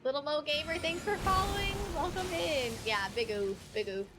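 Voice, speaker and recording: A woman streaming a game live from home, reacting with excitable, alarmed exclamations as she plays. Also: high voice, normal speed, over music. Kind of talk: live gameplay commentary.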